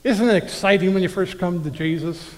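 A man's voice: high-pitched, fairly quick, a little mellow, a little hiss or hum. A man preaching a conversational sermon, reading scripture aloud and talking directly to his listeners. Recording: long hall reverb.

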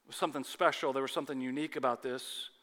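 A man preaching a sermon with dramatic swings between loud urgency and hushed intensity. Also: mid-range voice, fairly even intonation, rapid-fire. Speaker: pastor. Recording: long hall reverb.

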